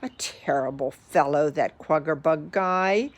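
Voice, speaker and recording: A woman reading a rhyming picture book aloud with lively expression. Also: low voice, measured pace. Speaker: storyteller.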